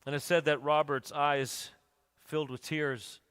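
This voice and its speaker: Guy preaching in a big echoey church, slightly high voice, storytelling then urgent. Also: flat delivery, measured pace, a bit bright, clear, resonant tone. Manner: storytelling, builds to urgent emphatic peaks. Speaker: pastor. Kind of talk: sermon. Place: church sanctuary. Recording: church hall reverb.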